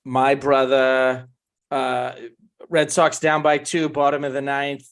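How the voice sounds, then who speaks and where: A man in a casual podcast chat, talking excitedly and swearing freely. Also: mid-range voice, takes it slowly. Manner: excited, swears, rattles off names. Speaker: podcast co-host.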